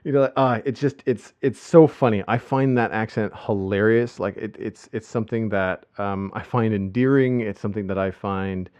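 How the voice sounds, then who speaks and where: A man's voice: lowish voice, moderate pace, hardly any pauses, darkish tone, smooth, no echo. A man chatting on a podcast in a loose, rambling way, with many restarts and fillers. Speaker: podcast host. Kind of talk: casual podcast chat. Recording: muffled lo-fi podcast audio.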